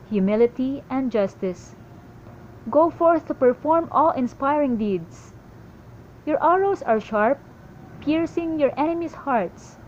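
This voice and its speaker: A woman reading a daily Bible passage aloud in a steady devotional style, with small slips and restarts. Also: high-pitched, muffled recording, a little hiss or hum. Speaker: Bible reader.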